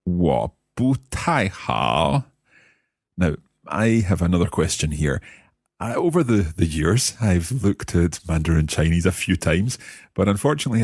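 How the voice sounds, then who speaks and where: A man's voice: low voice, darkish tone, husky, dry recording, clean studio sound. A Scottish man co-hosting a beginner language lesson podcast as the learner, curious and repeating phrases after the teacher. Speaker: learner co-host.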